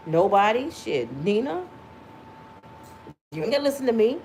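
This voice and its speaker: A woman in her fifties talks straight to her vlog viewers in a passionate, preachy way, sometimes rising to a yell. Her voice sits a little high. A faint hiss runs under the recording. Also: big pitch swings, moderate pace. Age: 50s. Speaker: vlog host. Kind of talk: casual talk to viewers.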